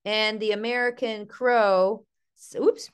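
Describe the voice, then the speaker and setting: A woman's voice: medium pitch, steady tone, slow pace, smooth. Chatty woman teaching over a video call. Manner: chatty, playful, mimics bird calls in sing-song. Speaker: naturalist and art instructor. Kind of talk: online nature workshop talk.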